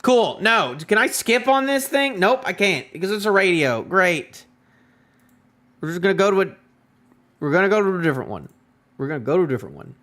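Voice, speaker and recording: Animated man streaming a manga reaction. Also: sits high, a little fast. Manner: animated, rambling, talks to chat. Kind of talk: casual live-stream reaction.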